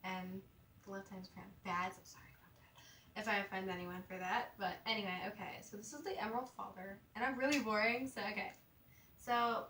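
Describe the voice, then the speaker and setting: A woman's voice: mid-range voice, steady tone, normal speed, sharp tone, distant mic, a little hiss or hum. Rambling young woman, roomy off-mic sound. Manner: rambling, full of "like" and "you know"; stutters and mumbles. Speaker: vlogger. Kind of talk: casual confessional vlog. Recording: roomy, a little off-mic, faint ambience.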